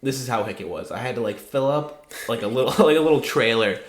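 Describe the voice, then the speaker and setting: A man's voice: medium pitch, lively intonation, fast talker. A young man co-hosting a podcast, telling rambling stories in casual chat, swearing often and laughing as he goes. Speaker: podcast co-host. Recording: roomy echo.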